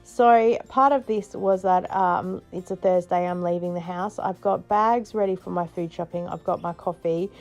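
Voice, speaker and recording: A woman's voice: on the low side, fairly even intonation, normal speed, hardly any pauses, darkish tone, faint music behind. Chatty Australian woman vlogging. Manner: chatty, laughs often, retells with playful voices. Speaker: frugal living vlogger. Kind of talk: casual vlog narration.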